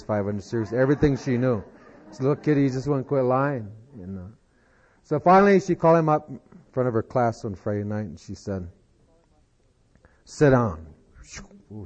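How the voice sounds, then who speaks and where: A man telling a long joke in a folksy, rambling way, giving the characters quick voices and dropping into soft asides. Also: fairly low pitch. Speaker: storyteller. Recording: dull lo-fi recording.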